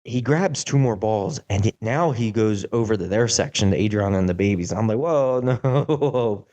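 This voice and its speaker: A young man hosts a podcast and tells a story in a casual, animated way. He fills his speech with "like" and acts out what people said. His voice sits low, with a dark, mellow tone. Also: fairly quick, highs cut off. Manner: animated, acts out quotes, many "like" fillers. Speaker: podcast host.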